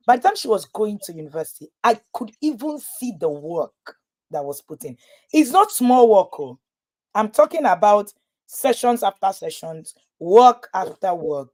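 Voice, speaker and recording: Woman, parenting coach, live webinar talk, lively storyteller, mid-range voice. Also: medium pitch, normal speed. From Nigeria.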